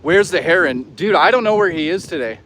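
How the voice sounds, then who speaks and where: A man's voice: sits high, animated, a little fast, fairly bright tone, a little hiss or hum. A man live-streaming outdoors, chatting casually, swearing freely and reading out chat. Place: outdoors on an urban trail.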